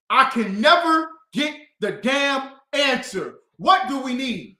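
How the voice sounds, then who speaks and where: A man hosting a talk show, ranting with passion and swinging from low muttering to outbursts of shouting. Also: big pitch swings, slow, few pauses, roomy sound, low-quality recording. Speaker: host. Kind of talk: impassioned talk-show rant.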